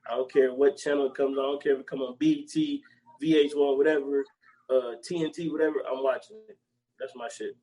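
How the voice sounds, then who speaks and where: A young man co-hosting a podcast, casually retelling movie scenes with a lot of swearing and bursts of loud, high character voices. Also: fast talker, rough recording. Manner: animated, profane, jumps into loud high-pitched character voices. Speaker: podcast co-host.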